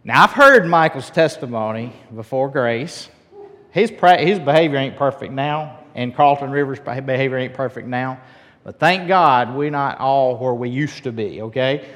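A man preaching a relaxed, story-driven sermon as a pastor. He asks the congregation questions and often restarts his sentences. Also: mid-range voice, moderate pace. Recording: long hall reverb.

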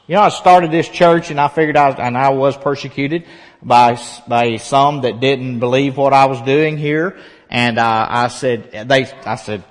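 A man preaching a sermon as pastor of his church, animated and folksy, rising to loud emphatic peaks. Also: medium pitch, normal speed. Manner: folksy and conversational, laughs between points. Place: church sanctuary. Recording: long church reverb.

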